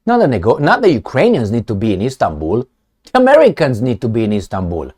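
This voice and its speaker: A man's voice: medium pitch, huge pitch swings, fast talker, darkish tone. Sarcastic man. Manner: profane, sarcastic, rhetorical questions. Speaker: political commentator. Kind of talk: ranting commentary vlog.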